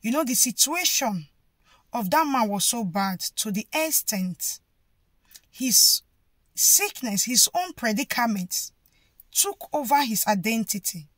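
A woman preaching a sermon, rising to impassioned shouted pleas. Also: fairly high pitch, sing-song, slow, no room sound.

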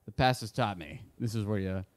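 A young man co-hosting a comedy podcast, trading crude jokes in a dry, deadpan way. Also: lowish voice, fairly quick. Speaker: podcast co-host. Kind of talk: casual comedic chat.

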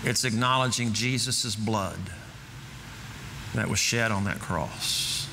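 A pastor with a lowish voice preaches slowly in a church sanctuary, the hall reverberant with faint ambience and background noise. He is earnest, repeating phrases as he builds toward fervent emphasis.

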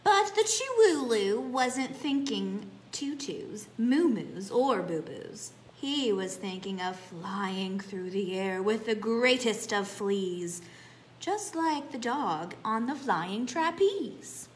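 Woman teacher, unhurried storybook reading, animated and expressive, echoey room. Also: fairly high pitch. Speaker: children's class teacher. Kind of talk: reading a picture book aloud. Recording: echoey room, faint background hum.

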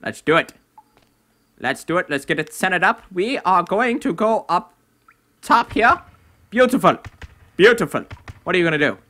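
A young man commentating his own game play at home, excitable, breaking into shouts and laughs at his wins. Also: high voice, moderate pace, pauses often. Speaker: gaming video host. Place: home room.

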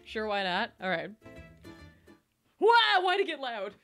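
Giggly high-voiced woman streamer. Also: very animated, drawn-out words, fairly bright tone, soft background music. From New Jersey. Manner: giggly, chatty, thanks viewers and reads out tutorial text. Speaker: game streamer. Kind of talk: casual live-stream gaming chat.

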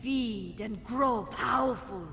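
An actor playing an ancient male vampire lord in a video game, speaking in slow, solemn pronouncements heard from the game audio. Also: very high-pitched, creaky, sharp tone, a little hiss or hum, full character voice. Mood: ominous. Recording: game audio under players' chatter. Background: players talking over it.

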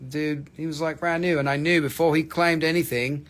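A man's voice: fairly high pitch, steady tone, moderate pace, fairly bright tone. A man hosting a live stream that sells minerals, talking casually with lots of swearing, ranting and then joking.

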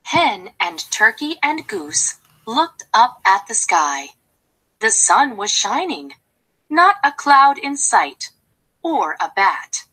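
A woman reading a children's storybook aloud, slowly and expressively. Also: fairly high pitch, big pitch swings, pushed and bright, slightly rough, low-quality recording.

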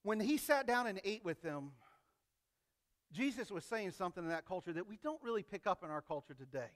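A man preaching a sermon in an animated, conversational way, acting out quoted voices. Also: sits high, a little fast. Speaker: pastor.

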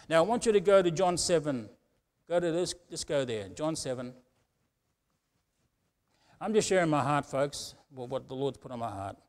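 Middle-aged man, pastor, informal sermon delivery, a touch high-pitched, frequent call-and-response asides. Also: sing-song, moderate pace, pauses often. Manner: conversational preaching with frequent "Amen?" asides.

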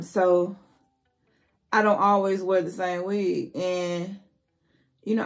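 Woman beauty vlogger, unhurried delivery, chatty and playful, faint music under her. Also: mid-range voice, vocal fry. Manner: chatty, playful, talks straight to viewers. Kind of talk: casual wig review vlog.

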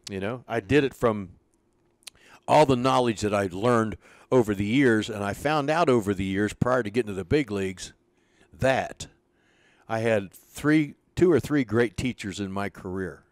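An older man, a former pitching coach, telling stories in an interview and acting out the lines of people in them. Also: moderate pace, no echo. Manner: animated storyteller, acts out quoted dialogue. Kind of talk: storytelling in an interview.

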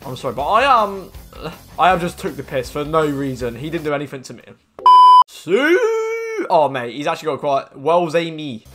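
A young man commenting on his own football video game match, muttering complaints and then shouting at big moments. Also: fairly high pitch, fairly quick, music in the background. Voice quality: expressive, with slang and swearing. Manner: swings from mumbled grumbling to screaming at the game. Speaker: gaming commentator.

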